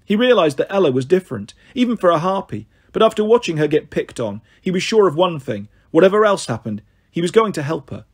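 A man narrating an audiobook in a steady reading voice, now and then stumbling on a word. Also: high voice, fast, few pauses, husky. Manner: steady, occasionally stumbles on words.

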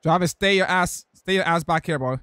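A young man streams a football video game, reacting in hyped slang and reading chat messages aloud as live gameplay commentary. His voice is high-pitched, a bit bright and clean, and he talks fairly quickly on a dry recording.

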